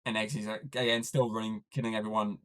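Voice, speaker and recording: A man's voice: fairly low pitch, little pitch movement, fast, a bit bright. A man hosting a podcast, recapping a film in casual chat and rambling with lots of fillers. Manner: rambling, heavy use of "obviously" and "like". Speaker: podcast host.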